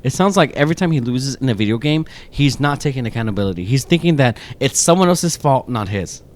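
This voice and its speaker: A man's voice: medium pitch, quick pace. A man co-hosting a podcast in casual chat, telling a rambling story full of swearing. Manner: animated, rambling, swears a lot. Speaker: podcast co-host.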